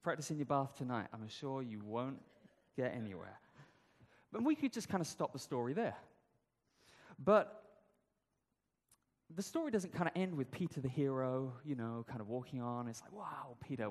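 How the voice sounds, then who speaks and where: Preacher guy, chatty storytelling sermon, voice bouncing up and down, long church echo. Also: medium pitch. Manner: conversational, animated storytelling with rhetorical questions.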